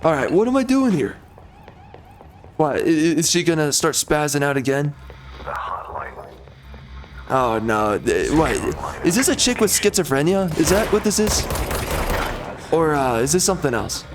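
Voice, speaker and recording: A man talks over his gameplay in a loose, rambling way that often turns into sarcastic rants. His voice sits a bit higher than most men's. Faint noise hums underneath. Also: expressive, normal speed, long pauses. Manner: rambling, ranting, sarcastic asides. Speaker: gamer playing through a video game. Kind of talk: casual gameplay commentary.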